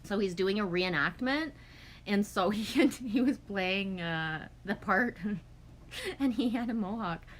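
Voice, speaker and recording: A woman in her forties chatting casually on a livestream, reading out viewer comments and rambling through animated stories with swearing and acted-out quotes. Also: mid-range voice, unhurried, a little hiss or hum.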